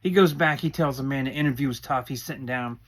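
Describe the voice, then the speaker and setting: A middle-aged man talks through a reality show episode in a loose, rambling way. He is opinionated and slips into quoted lines as he acts out the people he describes. His voice sits at an ordinary pitch. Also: quick pace. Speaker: recap commentator. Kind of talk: casual show recap commentary.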